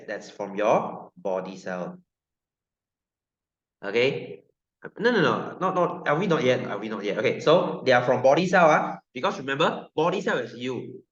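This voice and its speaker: Malaysian-accented man teaching science, playful, fires questions at the class, muffled and echoey. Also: mid-range voice. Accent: Malaysian English. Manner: joking, keeps quizzing students. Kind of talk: classroom lecture. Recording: roomy, dull sound.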